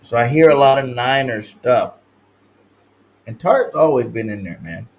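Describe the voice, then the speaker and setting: A man's voice: lively intonation, a little slow, rough recording. Hyped-up sports stream host, man. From California. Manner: hyped, swings between loud shouted chants and low mumbled asides; slangy, repeats catchphrases. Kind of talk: livestream sports talk.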